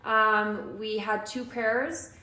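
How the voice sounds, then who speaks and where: A woman telling a story in casual chat as a co-host. She is animated and swears freely. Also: a little high, very slow, roomy sound.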